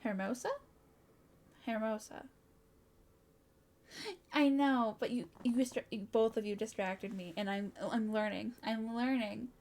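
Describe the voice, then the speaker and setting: Woman streamer, casual chat, a touch high-pitched, bubbly and giggly, stumbles over words. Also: normal speed, hardly any pauses, a little mellow.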